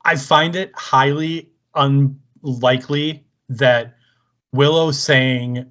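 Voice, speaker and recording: A man's voice: mid-range voice, fairly even intonation, slow, a bit bright. Wisecracking male podcast co-host. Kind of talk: casual podcast chat.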